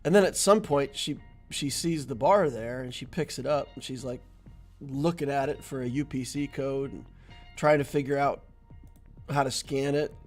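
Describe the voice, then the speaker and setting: In a mid-range voice at normal speed, a gaming streamer talks casually over his mobile strategy game, laughing often and sharing stories between turns. Faint music plays behind him.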